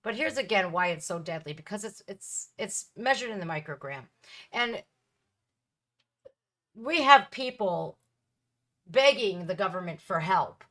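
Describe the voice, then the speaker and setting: A woman's voice: medium pitch, lively intonation, measured pace, pauses often, a bit bright. A woman in her thirties hosting a reaction video, talking candidly and bluntly in a casual, emphatic way.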